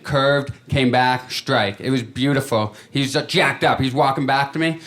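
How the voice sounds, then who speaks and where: A man's voice: medium pitch, steady tone, moderate pace, a bit bright. A man doing a stand-up comedy set, telling stories in a conversational way and acting out quotes. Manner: conversational storytelling with acted-out quotes. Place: comedy stage before a live audience. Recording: live audience laughter.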